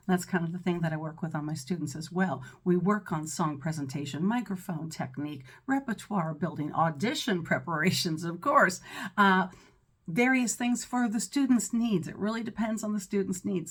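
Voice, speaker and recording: A woman's voice: on the low side, husky. A woman voice teacher with a mezzo-soprano voice giving an instructional breathing lesson, often checking in with "right?" and "okay?".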